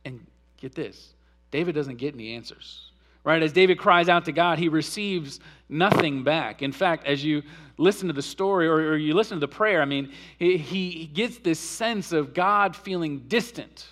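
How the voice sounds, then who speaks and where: A man preaching a sermon in a church, his voice notably high for a man. He talks earnestly, climbing into loud, impassioned bursts when he gives voice to a cry, then sinking to a low, quiet hush. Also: moderate pace. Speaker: pastor. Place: church sanctuary.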